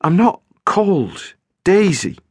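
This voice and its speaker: Brief: male narrator doing a scared teen girl in an audiobook, high and insistent, dry close sound. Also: big pitch swings, takes it slowly, dry recording, heavily acted. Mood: wary. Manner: urgent, tense questioning. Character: frightened teenage girl, guarded and pressing.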